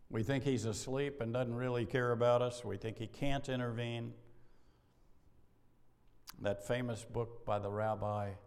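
A middle-aged man preaching a sermon, animated, acting out bits of dialogue and laughing now and then. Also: fairly low pitch, vocal fry. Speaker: pastor. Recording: long hall reverb.

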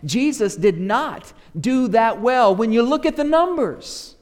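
A man preaching a sermon as pastor, animated, dropping into asides that mimic grumbling church members. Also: very high voice, measured pace, in a large hall.

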